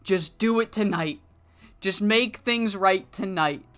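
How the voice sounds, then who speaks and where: A man's voice: sits high, slow pace, a bit bright, smooth. A man voicing a cocky, flirtatious male wrestler who croons and coaxes. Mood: coaxing.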